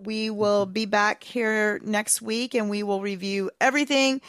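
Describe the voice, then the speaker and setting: A woman co-hosting a casual motorsport chat, talkative and quick to laugh. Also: mid-range voice, fairly even intonation, fairly bright tone, dry recording, studio quality. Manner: chatty, laughs easily, wraps up the show. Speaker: motorsport podcast co-host.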